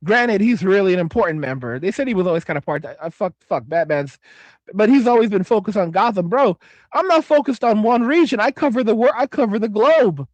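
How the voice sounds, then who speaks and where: A middle-aged man with a high-pitched voice hosts a loose livestream, swearing freely and circling back over his own phrases. He reads viewer comments aloud in a casual, rambling way. The sound is dry and close, with no room around it. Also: expressive, fairly quick, no echo. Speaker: livestream host reading chat. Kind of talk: casual profane livestream chat.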